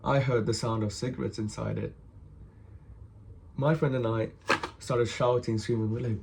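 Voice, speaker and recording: A hungover man tells a story straight to the camera, loose and animated, dropping swear words everywhere. His voice sits at an ordinary middle pitch, and he keeps jumping in to act out what other people said. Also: moderate pace, vocal fry, pauses often, a little hiss or hum. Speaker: vlogger telling a story. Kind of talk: casual storytelling monologue.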